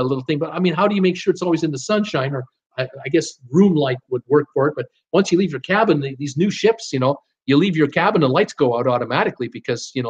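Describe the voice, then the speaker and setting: A middle-aged man with a fairly high voice hosts a live stream, reading out viewer comments in a loose, jokey way. The audio is dull and lo-fi, like a home streaming setup. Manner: chatty, jokey, reads comments aloud with bursts of laughter. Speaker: host of a live cruise show.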